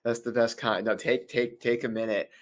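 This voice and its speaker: A man's voice: mid-range voice, level tone, moderate pace. A man hosting an interview, speaking in a reassuring way to his guest. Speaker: podcast host. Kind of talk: interview chat.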